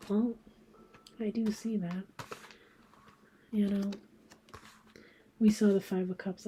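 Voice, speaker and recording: A woman giving a casual tarot card reading, talking informally and reading card messages aloud, often slipping into a soft half-whisper. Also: medium pitch, fairly even intonation, drawn-out words, pauses often, slight background noise. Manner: reads card messages aloud, thinking out loud.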